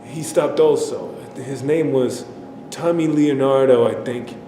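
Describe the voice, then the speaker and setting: A man performing a dramatic stage monologue, speaking haltingly and repeating himself as he recounts a disturbing memory. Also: natural voice. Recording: echoey hall, faint rumble.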